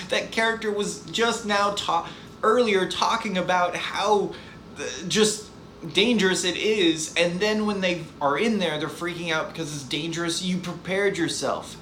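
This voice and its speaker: A man's voice: high-pitched, normal speed, bright, forceful tone, echoey room, a little hiss or hum. A man giving a casual spoken movie review, exasperated and sarcastic, rambling with restarts as he complains.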